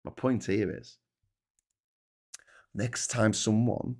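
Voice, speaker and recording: A man's voice: fairly low pitch, slow pace, long pauses, a little mellow. A man hosting a show, ranting in casual, heavily sweary commentary. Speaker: host.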